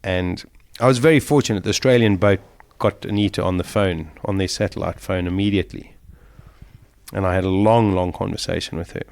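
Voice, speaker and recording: A middle-aged man speaks as an interview guest, recounting his ordeal vividly and with feeling. His voice sits a little low. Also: fairly even intonation, fairly quick, gravelly, darkish tone. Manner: emotional, vivid retelling of a survival ordeal. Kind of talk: storytelling in an interview.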